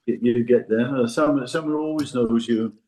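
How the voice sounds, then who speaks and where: A man's voice: mid-range voice, moderate pace, warm tone, rough recording. Rambling older man, hesitant chat. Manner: rambling, hesitant, full of restarts and asides. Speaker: podcast co-host. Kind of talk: casual chat between friends.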